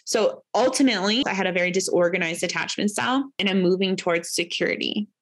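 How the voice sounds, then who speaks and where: A woman in her thirties giving a casual spoken lesson as a course teacher, chatty, full of fillers and tag questions, acting out quoted voices. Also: quick pace. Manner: acts out quoted voices with rising pitch.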